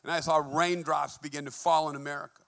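Gravelly, bright-voiced male preacher. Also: a little high, level tone, quick pace. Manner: fervent preaching, swinging between hushed and emphatic. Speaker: pastor. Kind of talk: sermon. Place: church.

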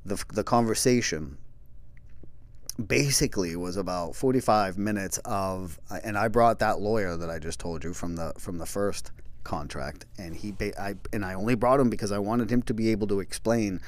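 Low-voiced man, halting podcast monologue. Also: dry recording. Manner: halting, with many restarts and trailing pauses; drops to a soft low voice at reflective moments. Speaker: true crime podcast host. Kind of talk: casual reflective monologue.

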